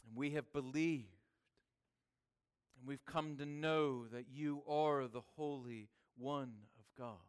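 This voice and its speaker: A man preaching a sermon, swinging between hushed, quiet passages and emphatic, raised lines. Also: medium pitch, slow, clear, resonant tone. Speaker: pastor.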